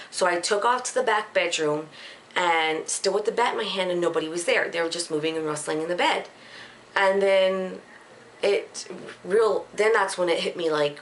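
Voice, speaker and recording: Woman, young adult, earnest personal story, emotional, halting restarts, lower voice. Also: a bit bright, slight background noise.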